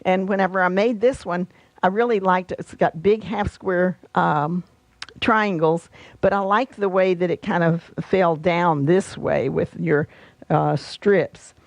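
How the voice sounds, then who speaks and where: A woman's voice: lowish voice, steady tone, a little slow, no echo. A middle-aged woman presenting her quilt patterns and fabrics in a chatty, homey way, with fillers and friendly asides. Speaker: quilt designer and shop host. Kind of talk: casual product walkthrough.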